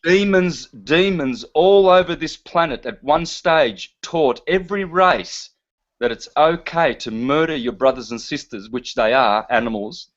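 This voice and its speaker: A man's voice: fairly high pitch, lively intonation, measured pace. A man talking in a casual chat, emphatic and preachy in manner. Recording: dull lo-fi sound.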